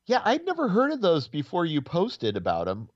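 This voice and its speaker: A man's voice: high voice, huge pitch swings, normal speed. A man in a casual chat, easygoing and mostly giving short agreeing replies. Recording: dull lo-fi sound.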